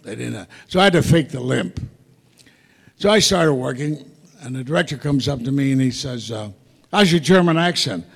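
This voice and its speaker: Older male guest speaker, gravelly, rambling anecdotal delivery, live in a reverberant hall. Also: medium pitch, moderate pace. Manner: rambling, self-interrupting anecdotes with wry asides. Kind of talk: storytelling Q&A before an audience. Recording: echoey hall, live audience talk.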